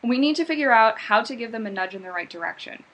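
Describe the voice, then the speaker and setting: A woman's voice: on the high side, lively intonation, fast, a bit bright. A woman playing an earnest female mission briefer who explains things in a matter-of-fact way.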